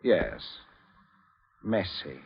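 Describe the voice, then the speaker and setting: A man's voice: low-pitched, very animated, drawn-out words, vocal fry, husky, heavily acted. A jovial, menacing family father. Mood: coolly menacing. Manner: chummy and jovial, chuckling while giving orders. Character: genial, coldly menacing middle-class father. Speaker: head of the family. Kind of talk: 1940s radio acting. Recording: muffled 1940s radio broadcast.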